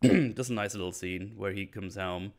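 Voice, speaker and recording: A man's voice: low voice, normal speed, darkish tone. A man hosting a casual episode recap, rambling with lots of restarts and fillers. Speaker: show recap host.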